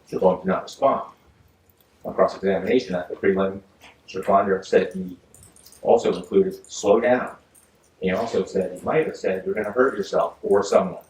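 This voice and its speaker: A male judge reading a ruling from the bench in a measured, formal way, often pausing with "uh". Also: deep voice, steady tone, darkish tone, recorded from a distance. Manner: measured, formal legal delivery with frequent uhs. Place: courtroom. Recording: echoey courtroom audio from afar, faint hiss.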